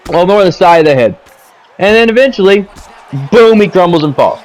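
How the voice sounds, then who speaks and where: Casual male gamer commentator, high lively voice, rants and repeats himself. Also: fairly quick, soft background music, a faint crowd, poor audio. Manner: animated, ranting, repeats himself, says boom a lot. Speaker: gaming commentator. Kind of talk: casual commentary over gameplay footage. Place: home gaming setup, seated.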